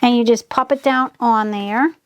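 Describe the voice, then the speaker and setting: A woman's voice: a little high, steady tone. A woman hosting a casual crafting tutorial, walking through each step in a chatty way and gushing over the results. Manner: gushing, gasps and squeals over her crafts; unhurried, chatty step-by-step explaining. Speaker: DIY craft channel host.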